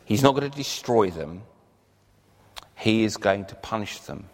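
A man's voice: lowish voice, expressive, unhurried. A man preaching a sermon earnestly, lifting his voice on key phrases. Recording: long reverb of a large hall.

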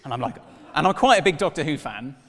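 A man in his thirties preaching a sermon, telling stories with lively acted-out dialogue. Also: on the high side, fast, big-room sound. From Wales. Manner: animated storytelling, acts out dialogue in voices.

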